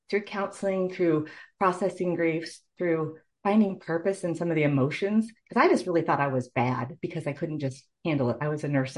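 A middle-aged woman, a nurse, telling her personal story in an interview in an earnest, heartfelt way. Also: sits low. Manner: earnest, heartfelt, tearful at moments. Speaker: guest, nurse.

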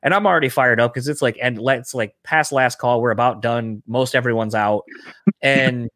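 A man with a medium-pitched voice and no echo on the recording speaks at a moderate pace. A bar bouncer by trade, he tells a story in casual chat, swearing freely and animatedly acting out what everyone said.

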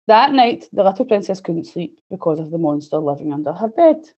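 A woman presenting a children's session and reading a storybook aloud in a clear, gently expressive manner. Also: fairly low pitch, brisk, highs cut off. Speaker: early years student presenter.

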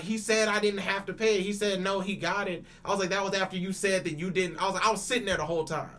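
A young man in casual podcast chat, telling a long story with frequent laughs and repeated words, acting out both sides of quoted exchanges. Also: high voice. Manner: animated, laughs often, repeats and restarts words, swears freely. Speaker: podcast panelist.

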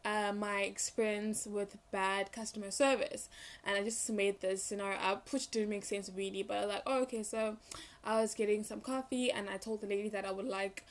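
A young woman telling a rambling, animated story in a casual vlog, full of fillers and restarts. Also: mid-range voice, moderate pace. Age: young adult. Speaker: vlogger.

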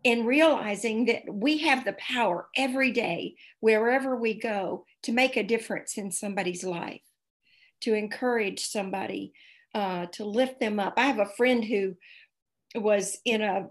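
A woman guest telling earnest, animated personal anecdotes in casual conversation. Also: medium pitch, moderate pace. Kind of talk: casual storytelling.

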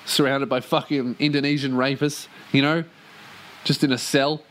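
A young man hosting a casual podcast, ranting in a sweary, animated way and breaking into loud put-on voices for quotes. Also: mid-range voice, normal speed, a little hiss or hum. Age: young adult. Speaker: podcast host. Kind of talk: casual rant monologue.

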